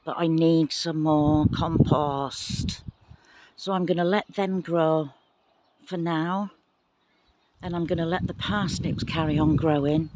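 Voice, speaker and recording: Out in the wind with a handheld phone, a woman who vlogs about gardening gives a relaxed tour of her plot. Her voice is low-pitched and slow, and she talks with excitement mixed with apology.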